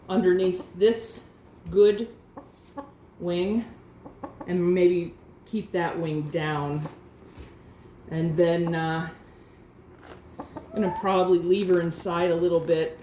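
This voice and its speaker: Slow, soothing woman in a roomy space. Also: fairly low pitch. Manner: calm, soothing, talks gently to a hen. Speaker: backyard chicken keeper. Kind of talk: casual hands-on vlog narration. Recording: roomy echo with faint background noise.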